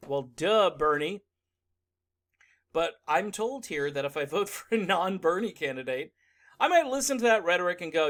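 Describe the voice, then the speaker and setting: Male vlog commentator, higher voice, sarcastic and animated delivery. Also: normal speed. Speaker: political commentator.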